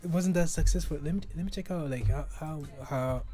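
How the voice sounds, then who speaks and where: A man's voice: fairly high pitch, fairly quick, warm tone, faint music behind. A man from Africa hosting a casual solo podcast, rambling and swearing freely, with frequent stumbles and restarts. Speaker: podcast host.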